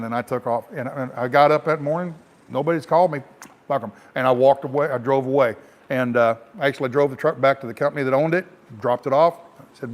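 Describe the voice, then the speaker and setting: A man's voice: medium pitch, quick pace. A middle-aged American man, a truck driver, telling a rambling, frank story to camera in a casual way.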